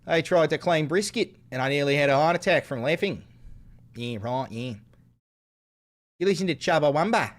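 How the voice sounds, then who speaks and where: A man's voice: a little high, fast, hardly any pauses. A man casually chatting with viewers as a streamer, with crude, joking banter. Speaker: streamer reading chat.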